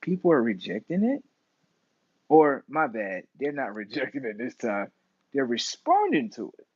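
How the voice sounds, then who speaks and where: A young man, hosting a casual livestream monologue, animated and full of slang, swinging between loud bursts and mumbles. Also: mid-range voice, moderate pace, slightly rough, dry recording, muffled recording. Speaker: livestream host.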